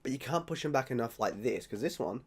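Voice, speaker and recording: An Australian man talking casually in a beer-tasting vlog, rambling, jokey and quick to mock himself. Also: mid-range voice, animated, slightly rough. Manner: rambling, jokey and self-mocking. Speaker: vlogger.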